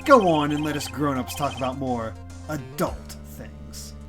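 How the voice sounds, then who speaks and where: Woman voicing menacing male villain, mocking, low voice, game dialogue, music behind. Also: expressive, measured pace. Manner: cold, mocking, taunting. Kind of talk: reading game dialogue aloud.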